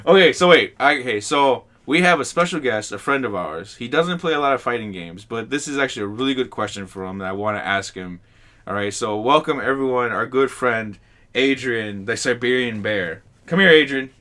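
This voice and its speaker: A man hosting a casual gaming chat among friends, loud and joking, often cutting in. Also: mid-range voice, animated, fairly quick. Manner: loud, joking, interrupts a lot. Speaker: podcast host.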